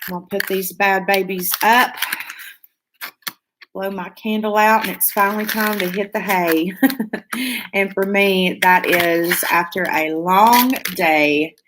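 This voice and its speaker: A woman's voice: medium pitch, background noise. A woman hosting a casual beauty live stream, reading viewer comments aloud in a gushing, chatty way with lots of fillers.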